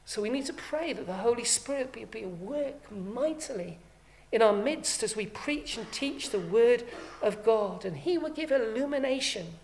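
A woman's voice: fairly high pitch, animated, moderate pace, a little mellow. A woman preaching a sermon, emphatic, swelling and dropping her volume to stress points.

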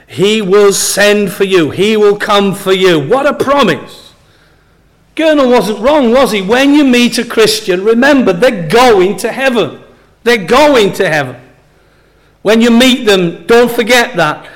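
High-voiced man preaching a sermon. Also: low-quality recording. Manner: earnest, emphatic, repeats key phrases.

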